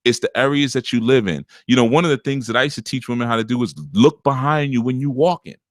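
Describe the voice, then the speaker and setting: A man with a deep, rough, gravelly voice and a slight scratchiness up top, giving relationship advice as a spiritual teacher in a blunt, punchy, unscripted monologue. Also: fast, dry recording, studio quality. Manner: punchy, forceful, lecturing.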